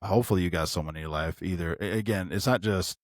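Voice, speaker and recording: A man's voice: low voice, fast talker, dry recording. A man co-hosting a podcast in candid casual chat, talking in an earnest, reflective way with frequent restarts. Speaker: podcast co-host.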